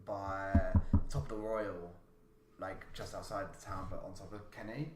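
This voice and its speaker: A man's voice: low voice, fairly even intonation, measured pace. A young man telling a rambling, sweary story on a casual podcast. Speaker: podcast co-host. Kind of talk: casual chat. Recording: roomy, slightly noisy.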